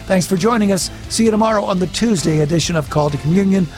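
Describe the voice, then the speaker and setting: A man hosts a radio program, reading out listener emails and signing off in a friendly tone. His voice sits a little high. Faint music plays underneath. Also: fast. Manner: friendly, reads listener emails and sign-offs. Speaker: radio show host. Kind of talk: radio hosting. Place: radio studio.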